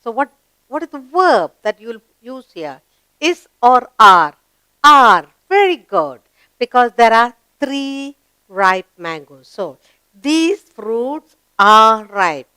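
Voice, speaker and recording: Slow, sing-song Indian English woman teacher. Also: a little high, sharp tone, clean tone, no echo. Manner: encouraging, asks questions and answers them herself; drawn-out, sing-song reading of sentences. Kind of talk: slow grammar lesson for young children.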